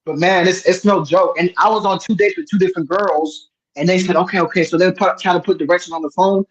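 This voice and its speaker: Man, fairly high voice, rambling and animated storyteller, dull lo-fi sound. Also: fairly quick. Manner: rambling, animated, many restarts. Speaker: host. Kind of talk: casual storytelling chat.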